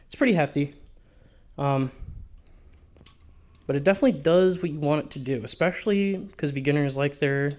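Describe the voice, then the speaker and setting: A man reviewing gear for a casual vlog, speaking in a slightly higher register. He rambles loosely through his thoughts and drops in swear words without a second thought. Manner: rambling, offhand, sprinkled with swearing. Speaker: balisong reviewer.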